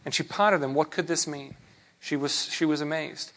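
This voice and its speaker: A man preaching a sermon in a relaxed, conversational way, with rhetorical questions and frequent restarts. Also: fairly high pitch, moderate pace. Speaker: pastor.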